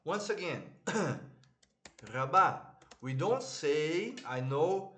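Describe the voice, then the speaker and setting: Slow, patient male Hebrew teacher. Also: a little high, animated. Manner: slow, patient, repeats words for students, clears throat often. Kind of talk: online language lesson.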